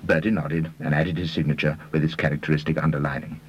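A man reading a story aloud in a measured storytelling manner. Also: rumbling low, little pitch movement, breathy edge, dull audio. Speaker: audiobook reader. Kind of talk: scripted narration.

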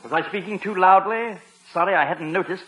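A man's voice: sits high, fairly quick, bright, forceful tone, rough recording. A man with an English accent playing a wry butler who stammers when flustered and drops dry wisecracks.

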